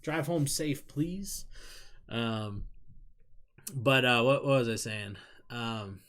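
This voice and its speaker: Speaking slowly in a mid-range, somewhat bright voice, an American-accented adult rambles candidly on a live stream. They swear freely and laugh often while reading the chat.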